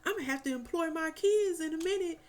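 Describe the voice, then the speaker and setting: A woman's voice: very high voice, fast, pitched above the performer's own voice. A woman voicing a strict, stern father who scolds and brags about his kids. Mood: boastful. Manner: bossy, scolding, boastful.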